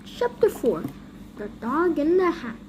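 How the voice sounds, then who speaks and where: Lady reading a kids book out loud, high voice, slow, does all the characters. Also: very animated, highs cut off, a little hiss or hum. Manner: unhurried, plays every character. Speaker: storybook reader. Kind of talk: reading a children's book aloud.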